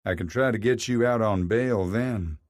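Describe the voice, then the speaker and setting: A man's voice: on the low side, moderate pace, no echo, clean studio sound, natural voice. A man voicing a weary defense lawyer explaining bad news in a resigned tone. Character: weary middle-aged male defense lawyer.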